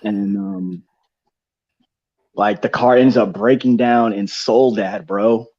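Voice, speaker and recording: A young Texan co-hosting a podcast tells a long, rambling story in casual, slangy chat, full of fillers and restarts. His voice is on the low side, slow, mellow and steady. The dull, dry studio recording has no echo.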